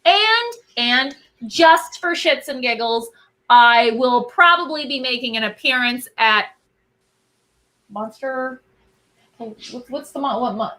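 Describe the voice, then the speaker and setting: Woman, cosplayer guest, bubbly and chatty, bright fairly high voice. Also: expressive, slow. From Albuquerque. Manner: bubbly and chatty, answering viewer questions. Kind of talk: casual chat.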